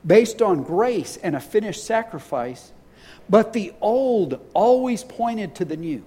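A man's voice: high voice, a little mellow. A middle-aged man preaching a sermon as pastor, earnest, reading scripture aloud and often repeating words as he goes.

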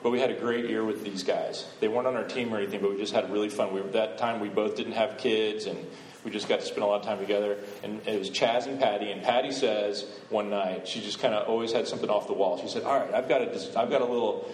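A man's voice: lowish voice, steady tone, fast, a little mellow, reverberant, slight background noise, poor audio. A man giving a conversational sermon as a visiting missionary speaker, often asking the congregation questions. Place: church.

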